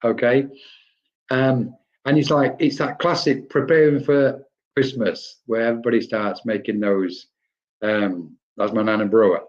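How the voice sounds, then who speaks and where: A man's voice: lowish voice, lo-fi sound. Chatty man giving readings. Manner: chatty, rambling, greets viewers by name, laughs easily. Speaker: medium giving spirit readings. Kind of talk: live-streamed readings, casual chat.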